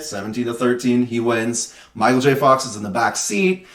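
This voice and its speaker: A man's voice: medium pitch, animated, moderate pace, echoey room, distant mic. A man co-hosting a podcast, casually recapping a film and acting out its lines in put-on voices. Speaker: podcast co-host.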